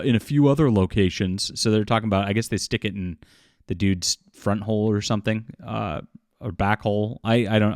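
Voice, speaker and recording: A man talking through a casual commentary vlog in a low voice. He halts often, restarts his sentences, and scatters derisive chuckles. The recording is dry and close, with no room sound. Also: no echo. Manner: halting, full of fillers and restarts, derisive chuckles.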